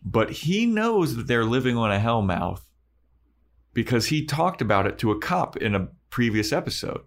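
A man's voice: medium pitch, sing-song. A man co-hosting a podcast, casually retelling an episode's scenes and acting out the characters' lines. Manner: storytelling, acting out lines in quick snippets. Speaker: podcast co-host. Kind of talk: casual chat recapping an episode.

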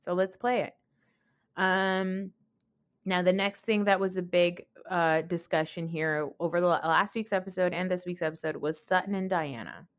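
A woman's voice: on the low side, fairly even intonation, normal speed, muffled recording. Blunt, opinionated woman podcast host. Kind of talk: casual recap commentary.

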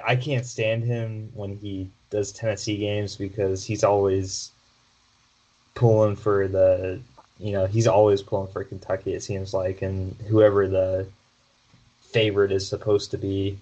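A man with a fairly low voice talks through a sports update on a podcast. He speaks casually, with plenty of fillers and false starts as he thinks aloud. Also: little pitch movement, measured pace, a little mellow, poor audio. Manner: conversational, frequent fillers and restarts. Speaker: podcast co-host.

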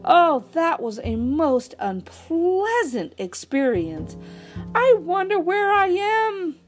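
A woman voicing an excitable, jittery male gray house cat in a children's story, squealing and breathless with meows. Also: very high-pitched, takes it slowly, soft background music, voice pushed up, exaggerated voice. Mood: relieved.

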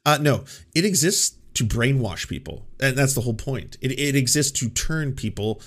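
A man's voice: mid-range voice, animated, moderate pace, a bit bright. A man hosting a show, talking in casual, sarcastic and profane commentary and acting out quotes in mocking voices. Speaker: show host.

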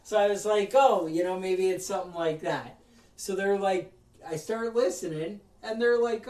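A man with a high voice tells a story in a worked-up, ranting way, putting on the voices of the people in it. He sits back from the mic in a roomy space, so the sound carries some echo. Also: normal speed, a little mellow, recorded from a distance. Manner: ranting storyteller, acts out other people's lines. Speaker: podcast host. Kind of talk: casual podcast chat.

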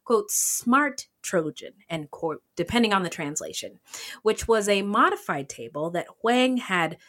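A woman's voice: mid-range voice, expressive, unhurried, fairly bright tone. A woman co-hosting a true-crime podcast, chatting casually with giggles and tangents. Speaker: podcast co-host.

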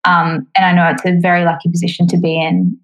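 A young woman in her twenties chats easily as an interview guest, her voice sitting a little low for a woman. She talks loosely, padding her thoughts with "um" and "like.". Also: level tone, quick pace, low-quality recording. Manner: chatty, many fillers like "um" and "like". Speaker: musical theatre performer, guest. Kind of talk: casual interview chat.

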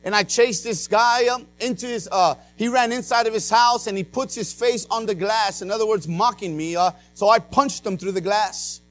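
A male pastor preaching a dramatic personal testimony, swinging between loud and hushed, with many "uh" and "amen" fillers. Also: sits high, normal speed, hardly any pauses, faint music behind. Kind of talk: sermon.

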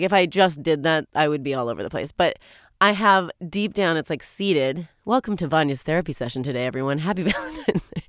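Her voice is low and clean, captured without echo in clean studio sound. She's a forties-aged podcast co-host talking casually on her own from a small closet at home, wandering from point to point and frequently interrupting herself.

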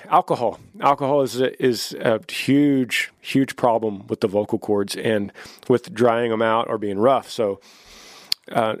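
A man's voice: medium pitch, dry recording. A middle-aged man, a singer, casually giving practical voice care tips on a podcast, close to the mic. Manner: easygoing, practical, demonstrates voice techniques. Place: podcast studio.

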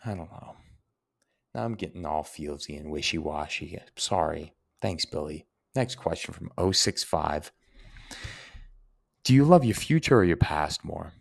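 A man's voice: low-pitched, expressive, a little slow, creaky, husky. A young man, hosting a Q&A and answering personal listener questions in an earnest, heartfelt way. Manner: earnest, heartfelt, explains word origins. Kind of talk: reflective Q&A monologue.

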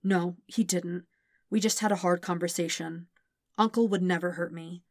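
A woman voicing a calm young prince who speaks softly and steadily to reassure. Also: on the low side, normal speed, dry recording, studio quality, lightly acted. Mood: gentle.

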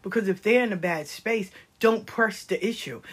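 A woman's voice: mid-range voice, normal speed, husky. An older woman with nine grandkids, talking casually and passionately about life lessons, often dropping her voice to a whisper. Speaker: speaker giving life advice. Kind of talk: casual storytelling monologue.

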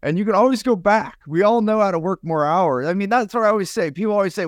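Middle-aged male podcast co-host, earnest and animated, slightly high voice, dry close mic. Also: quick pace, hardly any pauses, dry recording. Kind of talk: casual conversational podcast.

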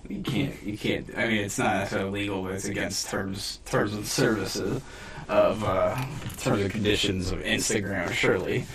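A man's voice: lowish voice, fairly even intonation, moderate pace, a bit bright, recorded from a distance, slight background noise. A man co-hosting a podcast in casual chat, rambling and hedging with frequent restarts and filler words. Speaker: podcast co-host. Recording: voice a bit off the mic.

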